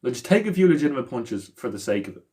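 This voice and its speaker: A man talks quickly through casual podcast chat, sentences tumbling over each other as he rambles and restarts. He swears often and keeps an ordinary, mid-range voice. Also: medium pitch, sing-song, mellow. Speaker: podcast co-host.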